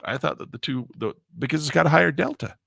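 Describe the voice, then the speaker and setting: A man teaching a live options trading lesson in a chatty way, grumbling at his software and jumping high when exasperated. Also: fast, gravelly, no echo, clean studio sound. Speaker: trading instructor.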